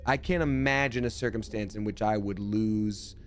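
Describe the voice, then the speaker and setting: A man's voice: fairly low pitch, normal speed, slight background noise. A man giving live gameplay commentary as a streamer, chatty and jokey, thanking viewers from chat as he plays.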